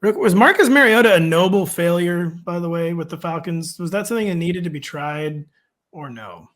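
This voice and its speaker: A man's voice: high voice, normal speed, a bit bright. A man co-hosting a casual fantasy football podcast, teasing his partner with dry joking asides. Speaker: fantasy football analyst co-host.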